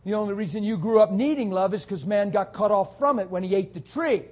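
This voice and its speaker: A man's voice: sits high, a little fast, a little mellow. A man preaching a sermon, talking to his congregation with fervent, emphatic delivery.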